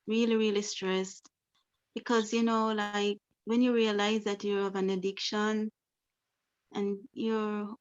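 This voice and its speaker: A woman's voice: medium pitch, clean tone, dull audio. A woman playing a troubled client in a counseling role-play. She speaks repetitively and keeps filling her speech with the same phrases. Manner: repetitive, leans on "you know". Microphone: video call.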